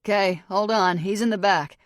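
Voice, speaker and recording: A woman voicing a friendly male bartender answering a phone call in a brisk, helpful way. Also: high-pitched, steady tone, a bit bright, dry recording, studio quality, pitched above the performer's own voice.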